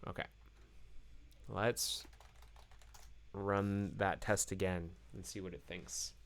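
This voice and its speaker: A low, gravelly male voice that talks slowly while he codes, stopping and correcting himself as he works things out. He sounds like he is losing his voice, and keys clicking can be heard behind him. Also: fairly even intonation. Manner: halting, full of fillers and self-corrections. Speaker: programmer live-coding host. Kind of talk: thinking aloud while live coding.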